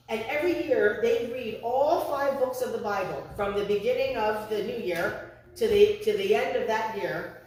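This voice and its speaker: A woman's voice: fairly high pitch, a little hiss or hum. A woman preaching a sermon in a conversational storytelling way, now and then acting out the voices of the people in her story. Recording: echoey room, heard from a distance.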